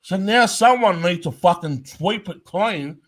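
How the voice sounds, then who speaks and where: A man delivering a fired-up commentary rant. His voice sits a little higher than most men's, and every point comes out blunt and laced with swearing. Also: expressive, unhurried, a bit bright. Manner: profane, blunt and emphatic.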